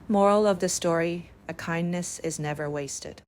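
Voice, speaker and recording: Woman, bedtime story narrator, calm, measured, lowish voice, fable reading.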